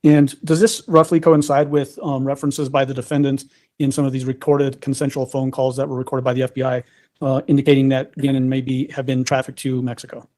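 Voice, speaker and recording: A man's voice: medium pitch, flat delivery, a little fast, mellow. A man acting as prosecutor in a courtroom, asking a witness a string of formal, repetitive questions.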